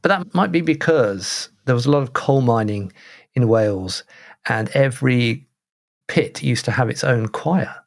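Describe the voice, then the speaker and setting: A British man co-hosting a podcast, chatting casually with a jokey, self-mocking manner and an animated delivery. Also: mid-range voice, a little slow, gravelly. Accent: British English. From Britain. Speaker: podcast co-host. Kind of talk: casual chat.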